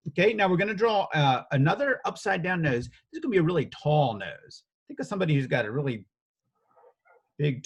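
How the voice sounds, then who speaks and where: Chuckling man with a lively, slightly high voice. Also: creaky, slightly rough. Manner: playful, chuckles often, talks while sketching. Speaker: author teaching drawing. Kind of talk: casual step-by-step drawing tutorial.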